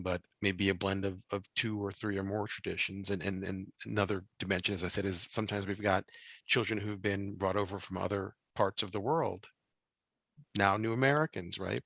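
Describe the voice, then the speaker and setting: Low-voiced man hosting a radio panel. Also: vocal fry, no echo. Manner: animated, inviting questions. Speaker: radio host. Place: radio studio.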